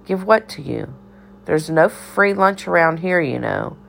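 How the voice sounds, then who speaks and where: A woman's voice: fairly low pitch, lively intonation, measured pace, gravelly, fairly bright tone, slight background noise, pitched above the performer's own voice, heavily acted. A woman voicing an eccentric older cafeteria lady who speaks in riddles and scolds in a theatrical sing-song. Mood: playful, scolding.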